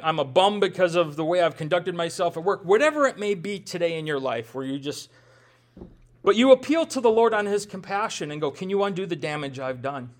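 A male pastor preaches a sermon conversationally, tossing out rhetorical questions and self-deprecating humor. His voice sits high.

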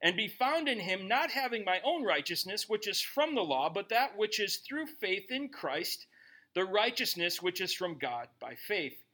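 Animated preacher man with a bright voice. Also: sits high. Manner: animated, emphatic preaching with rhetorical "right?" asides. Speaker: pastor. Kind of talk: sermon.

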